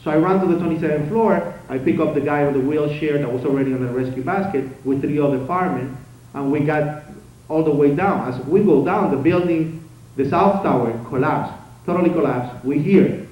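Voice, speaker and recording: A man giving a conference speech as first-person testimony, telling it dramatically with swings between loud outbursts and hushed passages. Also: fairly high pitch, brisk, muffled recording. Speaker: conference speaker. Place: conference hall. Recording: very echoey hall, distant mic, faint noise.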